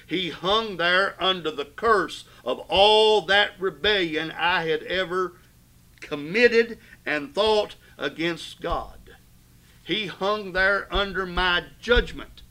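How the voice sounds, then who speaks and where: A preacher delivers a fervent sermon, his bright, forceful voice sitting a touch high for a man. He swells loud on key phrases and falls hushed on others, addressing the congregation directly. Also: slow, low-quality recording. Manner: fervent preaching with sudden swells and drops in volume. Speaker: pastor.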